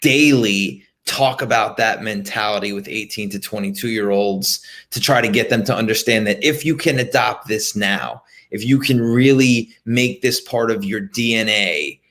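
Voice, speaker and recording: A man's voice: lowish voice, moderate pace, few pauses, fairly bright tone. A man hosting a podcast, reflecting on his coaching past and asking his guest probing questions in an encouraging conversational way. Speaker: podcast host. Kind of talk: conversational interview.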